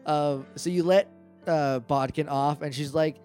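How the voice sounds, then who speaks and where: A man's voice: a little high, steady tone, unhurried, a little mellow, clean tone, faint music behind. A man narrating as game master of a tabletop role-playing podcast, loose and chatty with lots of fillers.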